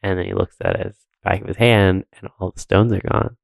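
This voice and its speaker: A man's voice: deep voice, steady tone, fairly quick, vocal fry, no echo. A man co-hosting a podcast, recapping a film in rambling casual chat full of fillers and laughs. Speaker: podcast co-host.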